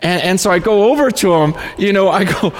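A man's voice: high-pitched, brisk. A man preaching a sermon as a pastor, telling a story with frequent restarts and repeated words. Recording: long hall reverb.

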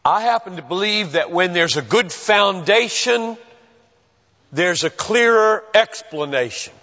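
A male pastor preaches with a high, animated voice that swoops up and down. He is earnest and emphatic, leaning on long pauses. The sound is a dull, muffled recording with long reverb from a church sanctuary. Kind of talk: sermon.

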